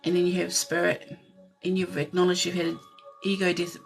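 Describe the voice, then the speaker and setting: A woman giving a live tarot reading in a soft, gentle way, pausing often and sometimes tearful. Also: on the low side, completely flat delivery, creaky, soft background music. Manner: emotional, tearful at times. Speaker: tarot reader.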